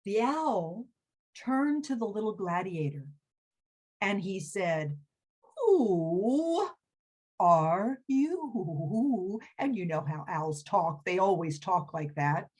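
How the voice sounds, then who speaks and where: A woman who is head of a school, telling a children's story with expressive, dramatic delivery. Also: lowish voice, takes it slowly. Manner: expressive, dramatic read-aloud.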